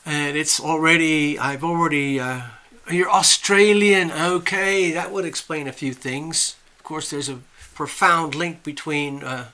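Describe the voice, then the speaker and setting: Chatty guy on a home livestream, bright kinda high voice, greeting folks by name and rambling along. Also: measured pace, few pauses. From USA. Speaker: livestream host. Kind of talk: casual live chat reading viewer comments.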